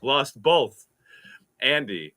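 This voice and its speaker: Bright, lively man laughing through a chat. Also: medium pitch. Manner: laughing, animated, quick asides. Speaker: podcast host. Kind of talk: casual chat.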